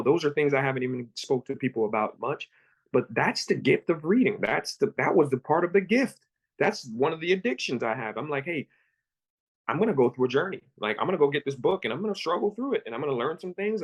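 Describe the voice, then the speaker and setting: A man in his thirties from Pennsylvania, telling his own story as a guest with earnest, halting, repeated phrases. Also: a little high. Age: 30s. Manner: earnest, repeats words, acts out his own thoughts in quotes. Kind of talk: candid personal storytelling.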